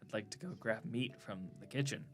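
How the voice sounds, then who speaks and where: A man's voice: medium pitch, brisk, faint music behind. A young man playing a tabletop game, eager and joking with the table. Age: young adult. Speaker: player. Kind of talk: casual tabletop game play.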